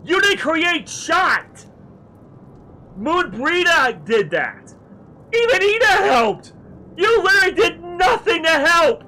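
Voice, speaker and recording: A man voicing an indignant, exasperated young game hero who shouts in outrage. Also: extremely high pitch, big pitch swings, slow pace, voice pushed up, heavily acted. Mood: outraged.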